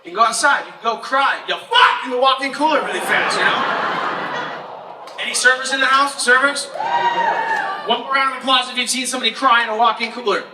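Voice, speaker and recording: A man's voice: very high voice, brisk. A young man performing a stand-up comedy set, telling punchy sarcastic stories and working the crowd. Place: comedy festival stage before a live audience. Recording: echoey live room, mic far off, noisy.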